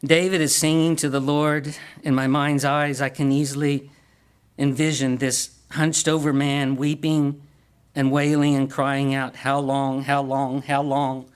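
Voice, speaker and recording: Man, preacher, sermon, earnest, asks questions, repeats words, fairly high voice. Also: little pitch movement, measured pace, smooth.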